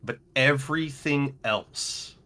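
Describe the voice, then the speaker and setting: Slow-talking male game master. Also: medium pitch. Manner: relaxed, playful, chuckling narration with fillers. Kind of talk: narrating a tabletop game.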